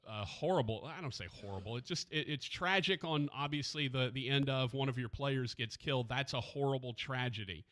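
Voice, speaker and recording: A man hosting a sports radio show, talking haltingly and with grief, searching for his words, close to a studio mic. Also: mid-range voice, bright, forceful tone. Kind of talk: emotional radio talk. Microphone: studio microphone.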